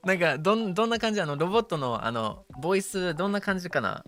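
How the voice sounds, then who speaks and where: A man's voice: high voice, fairly bright tone. Playful laughing young man streamer. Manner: playful, laughs often, switches between English and Japanese. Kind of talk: casual chat stream.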